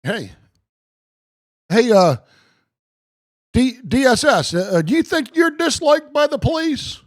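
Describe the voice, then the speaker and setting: Animated, slow-talking male streamer. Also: very high voice. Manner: animated, joking, talks to viewers by name; slow, emphatic reading of legal text. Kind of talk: live-stream chat and case-law reading.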